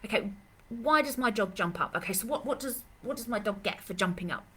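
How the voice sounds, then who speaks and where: A woman runs a live puppy Q&A as a dog trainer. She talks in a loose, rambling way, full of ums and restarts, at an ordinary pitch. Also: lively intonation, brisk, slightly rough. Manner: chatty, rambling, many fillers and restarts. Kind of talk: live Q&A session.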